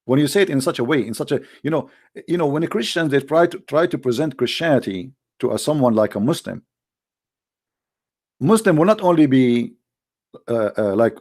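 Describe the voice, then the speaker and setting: This online debater, a man with a medium-pitched, creaky, slightly mellow voice, talks briskly with wide swings in pitch. His solo commentary is sarcastic and emphatic, delivered in English with non-native grammar.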